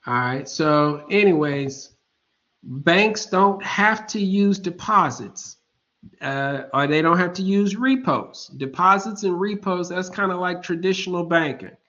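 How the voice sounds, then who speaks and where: A man in his fifties giving an online lecture, explaining slowly and deliberately, often checking in with students and dropping informal jokes. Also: sits high, pushed and bright, muffled recording. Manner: slow, deliberate explaining, keeps checking in with "all right?"; informal and joking asides.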